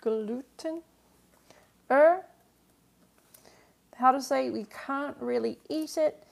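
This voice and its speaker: A woman's voice: high-pitched, takes it slowly, creaky, a little mellow. A woman teaching a live-streamed language lesson, patiently explaining grammar and answering viewer questions with lots of "um" and "like".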